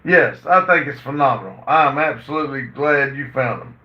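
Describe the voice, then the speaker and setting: A man hosting a casual livestream, reading viewer comments aloud and answering them with many "uh" fillers. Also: mid-range voice. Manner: reads chat messages aloud and answers them; halting, frequent "uh" fillers. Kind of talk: casual chat. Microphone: phone. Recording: roomy, distant and dull phone audio.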